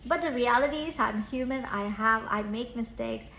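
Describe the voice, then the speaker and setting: A woman's voice: on the high side, moderate pace, vocal fry, fairly bright tone, roomy sound, slight background noise. A woman in her thirties, a therapist and parenting coach, telling a personal story in an earnest, reflective way, lifting her voice when she acts out quoted lines.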